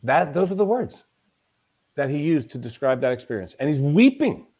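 A man's voice: a little high, very animated, normal speed, a little mellow, husky. A man speaking as a guest in a conversational podcast interview. He talks as a mental toughness coach, telling stories with emphasis and often repeating himself.

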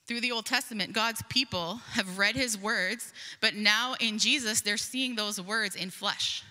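A woman's voice: mid-range voice, measured pace, sharp tone. A woman preaching a sermon, earnest and emphatic, reading scripture aloud and explaining it. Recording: long hall reverb.

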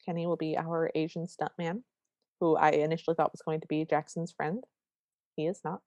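A woman co-hosting a podcast, recapping a movie in wry, quick, casual chat. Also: sits low, flat delivery, a little mellow, no echo. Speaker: podcast co-host.

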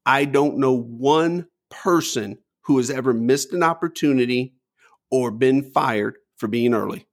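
A middle-aged man telling a story in casual chat, acting out the people he quotes with big jumps in pitch. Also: a little slow. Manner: animated, acts out quotes with lively pitch jumps. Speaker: guest storyteller.

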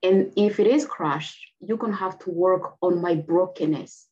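Woman, 30s, halting earnest testimony, lower pitch, lo-fi sound. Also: dark tone. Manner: heartfelt, halting, with many restarts. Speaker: interview guest. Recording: dull lo-fi audio.

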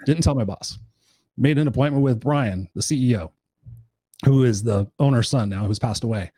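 A man who works as a business coach, telling a casual story in an animated way, acting out the dialogue and swearing freely. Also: medium pitch, normal speed.

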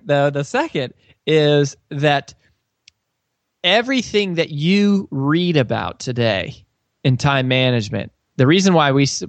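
A man's voice: a little high, dry recording. Earnest man telling a story in an interview. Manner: earnest storyteller, many fillers and restarts. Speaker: author and business coach, interview guest. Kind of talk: conversational interview answer.

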